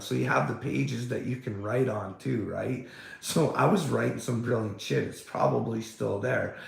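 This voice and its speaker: A man's voice: mid-range voice, vocal fry. A man in a casual, rambling monologue, swearing often and stumbling over his words. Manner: rambling, profane, frequent restarts; laughs between remarks. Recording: echoey room.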